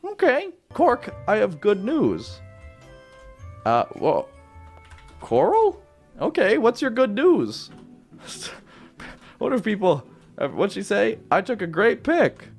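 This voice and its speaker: Playful, lively young man gaming. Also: high-pitched, slow pace, gravelly, long pauses, faint music behind. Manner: playful, silly, chatty with viewers. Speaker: gaming YouTuber. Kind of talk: casual live game commentary.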